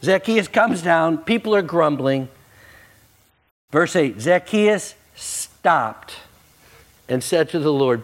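Pastor preaching a casual, animated sermon with a very lively voice. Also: male voice, fairly high pitch, slow pace. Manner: animated, conversational, jokey.

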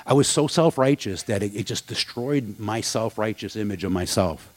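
A man's voice: lowish voice, a little fast, few pauses, a little mellow, no echo. A man preaching a sermon in a candid, conversational way, with asides and rhetorical questions. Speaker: pastor.

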